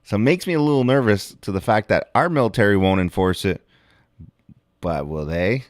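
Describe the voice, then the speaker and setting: A man hosting a casual livestream, rambling and excitable, swearing often and breaking into animated outbursts. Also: on the low side, normal speed, no echo, clean studio sound. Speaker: livestream host.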